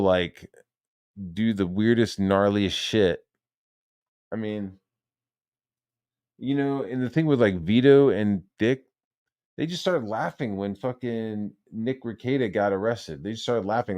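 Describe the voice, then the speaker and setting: Brief: male stream host, low voice, rambling and profane. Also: darkish tone. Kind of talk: profane ranting livestream.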